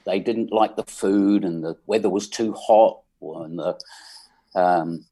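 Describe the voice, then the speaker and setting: A man's voice: low voice, dark tone. A man of about sixty with an English accent, telling wry stories as a guest in a casual interview. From England. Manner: unhurried, wry anecdotes with many ums. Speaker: musician guest.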